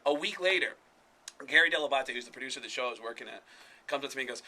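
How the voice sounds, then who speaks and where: A man, a comedian, telling an animated story on a radio show, acting out the voices. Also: mid-range voice, slight background noise. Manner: animated, fast, acts out voices. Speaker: guest comedian. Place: radio studio.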